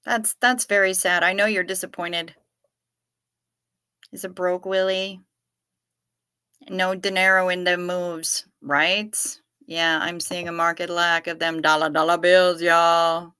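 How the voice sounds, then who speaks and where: A woman's voice: fairly low pitch, little pitch movement, slow, pauses often, bright, forceful tone, clean tone, no room sound, studio quality. A woman hosting a livestream, reading out viewer chat and replying in a jokey, profane, rambling way. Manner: jokey and profane, musing aloud with restarts. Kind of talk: casual chat.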